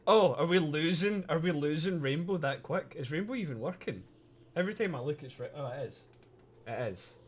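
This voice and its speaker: A man chatting casually on a live stream, excitable and swearing freely, laughing often as he talks to his chat. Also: on the high side.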